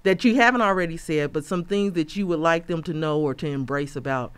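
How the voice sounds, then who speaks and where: A woman's voice: sits low, brisk, smooth. A woman hosts a casual podcast interview in a friendly, encouraging way. She answers her guest with frequent affirmations and keeps the conversation moving. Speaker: podcast host.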